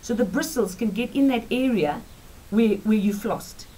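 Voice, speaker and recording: South African woman vlogger, forties, fairly high-pitched, animated, talks straight to viewers, teacherly. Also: normal speed, rough recording. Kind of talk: chatty storytelling to camera.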